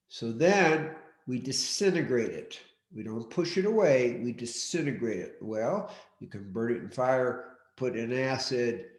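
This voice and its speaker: A man leading an online workshop, speaking in a deliberate, directive way and often repeating his key points. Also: mid-range voice, expressive. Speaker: workshop teacher. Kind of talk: live online teaching session. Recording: roomy echo.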